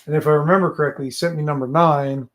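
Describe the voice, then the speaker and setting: A man's voice: fairly high pitch, steady tone, quick pace. A man hosting a live stream about writing a tabletop adventure, thinking aloud in a rambling way and joking with his viewers. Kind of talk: casual live-stream chat. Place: home room with gear and books behind him.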